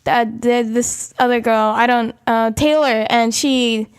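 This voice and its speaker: A woman's voice: a little high, fairly even intonation, measured pace, clean tone. A young woman co-hosting a podcast, chatting casually and hesitantly with lots of restarts. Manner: rambling, hesitant, many restarts. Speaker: podcast co-host. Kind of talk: casual chat.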